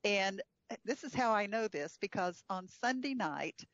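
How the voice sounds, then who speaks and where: A woman's voice: medium pitch, expressive, a little slow, fairly bright tone, no echo, lo-fi sound. A woman guest telling a travel story in casual chat, chatty with frequent fillers and laughs. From United States.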